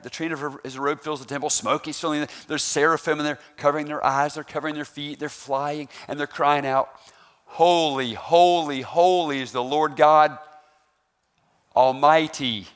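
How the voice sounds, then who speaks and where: A man preaching a sermon, animated, rising loud on emphasis and asking the congregation questions. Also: on the high side, fairly quick. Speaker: pastor.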